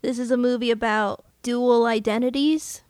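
A woman co-hosting a film podcast in a casual chat, talking in quick asides and laughing often. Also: on the high side, fairly even intonation, a little mellow, dry recording, studio quality. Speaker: podcast co-host.

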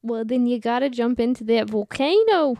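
A woman co-hosting a movie podcast, her voice fairly high as she trades quick, joking banter. The recording is close and dry. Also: lively intonation, dark tone, no echo. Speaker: podcast co-host. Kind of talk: casual movie chat.

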